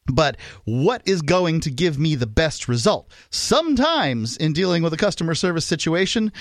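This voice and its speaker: A man's voice: mid-range voice, dry recording, clean studio sound. A man co-hosting a talk radio show, thinking aloud as he explains his theories. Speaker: radio co-host.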